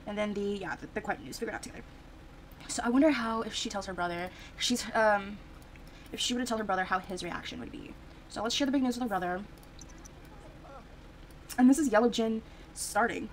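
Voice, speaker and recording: A woman talks her way through a life-sim game in a loose, chatty ramble, trailing off into fillers and starting her sentences over. Her voice sits at an ordinary middle pitch. A faint hiss runs under the recording. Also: brisk, long pauses, rough recording. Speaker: gaming video creator. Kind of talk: casual gameplay commentary.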